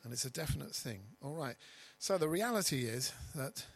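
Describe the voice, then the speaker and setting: A man preaching a sermon as pastor, stressing key words loudly and dropping to quiet asides. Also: fairly high pitch, animated, normal speed, creaky, poor audio. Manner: emphatic, swinging between loud stresses and quiet asides.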